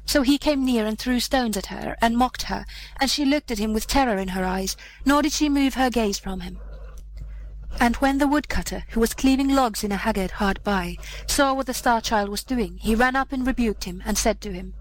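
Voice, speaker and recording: A woman's voice: a little high, a little hiss or hum, low-quality recording. Woman narrating an old fairy tale. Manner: measured, old-fashioned storytelling. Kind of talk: storybook reading of a fairy tale.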